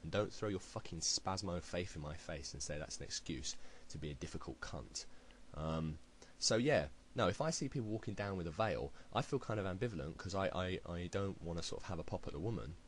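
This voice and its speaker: A man's voice: deep voice, animated, fairly quick, hardly any pauses, a little hiss or hum, poor audio. A British man delivering a heated, blunt opinion rant to camera, swearing freely. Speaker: video blogger. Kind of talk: ranting opinion commentary.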